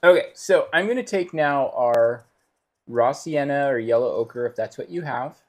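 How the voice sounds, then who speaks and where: A man's voice: medium pitch, normal speed, a little mellow. A man teaching a live painting lesson, explaining steps and joking playfully with his co-host. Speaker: painting instructor.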